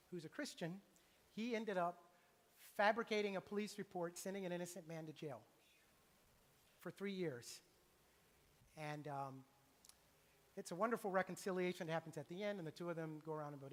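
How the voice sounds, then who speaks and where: A middle-aged man preaching a sermon in a church, animated and acting out the voices he quotes. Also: sits high. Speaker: pastor. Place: church sanctuary. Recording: long church reverb.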